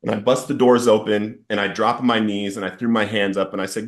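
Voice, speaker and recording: A man's voice: fairly low pitch, level tone, fairly quick, hardly any pauses. A man sharing an earnest, emotional personal testimony about addiction and recovery as a podcast guest. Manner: earnest, storytelling with rising intensity in quoted outbursts.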